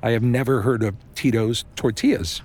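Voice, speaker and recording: A man's voice: mid-range voice, normal speed, darkish tone, close to an everyday voice. A man voicing a shop owner in his sixties who speaks formally and politely. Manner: formal, courteous.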